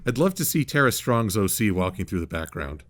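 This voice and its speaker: A man hosting a casual chat, playful and jokey with animated asides. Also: fairly low pitch, fairly quick, no room sound. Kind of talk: casual video-call chat.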